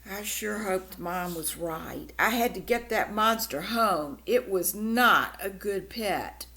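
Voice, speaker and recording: A woman reading a children's picture book aloud, expressive and animated. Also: medium pitch, takes it slowly. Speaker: storyteller.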